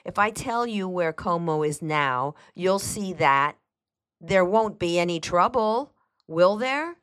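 A woman reading aloud, voicing a nervous middle-aged housekeeper with a sharp, high-pitched voice and an evasive, hesitant way of answering. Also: lively intonation, takes it slowly.

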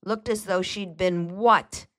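A woman's voice: sits low, normal speed, fairly bright tone. A woman reading aloud, voicing a confident male lawyer who speaks firmly and presses for answers. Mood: insistent. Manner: firm, insistent.

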